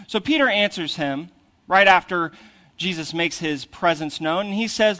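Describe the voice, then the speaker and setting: High-voiced male pastor preaching. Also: moderate pace. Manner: conversational, asks "right?" after most points; swings from loud and animated to hushed retelling. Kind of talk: sermon.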